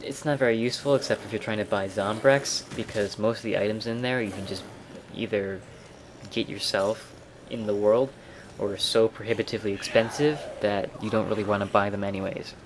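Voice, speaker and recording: A man with a fairly low voice talks through a video game as he plays it. His commentary is relaxed, explanatory, and dotted with wry asides. Game sounds and gunfire are clearly heard under his voice. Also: fairly quick, background noise. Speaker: let's play commentator. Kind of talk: casual gameplay commentary.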